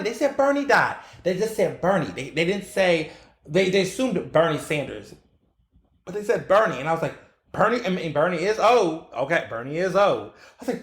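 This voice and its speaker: A man hosting a solo podcast, telling stories in an animated way and acting out his own exclamations. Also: sits high, brisk, roomy sound. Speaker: podcast host.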